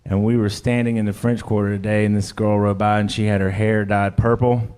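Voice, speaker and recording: A man's voice: fairly low pitch, level tone, brisk, darkish tone, clean tone. A man performing a stand-up comedy set on a club stage, telling crude, self-deprecating confessional jokes and questioning the crowd directly. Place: comedy club stage before a laughing audience.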